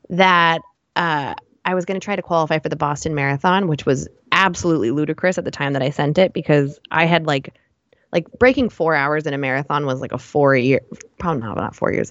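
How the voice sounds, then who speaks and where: A woman's voice: deep voice, brisk, fairly bright tone, dry recording, muffled recording. A woman guest on an interview, telling stories in a chatty way and laughing often. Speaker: guest, running blogger. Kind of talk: casual interview chat.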